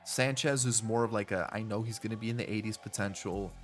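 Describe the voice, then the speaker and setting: Young man, stuffy and congested, low-pitched casual game commentary, mulling choices aloud. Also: fairly quick, soft background music. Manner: thinking aloud, weighing options, trailing restarts. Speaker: gaming YouTuber.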